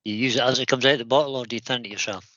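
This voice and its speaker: A man co-hosts a craft livestream, joking and reading viewer comments in a bright, lively tone. The sound is dry and slightly muffled. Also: mid-range voice, very fast, no room sound. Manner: jokey, reads viewer comments. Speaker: co-host. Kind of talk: livestream chat.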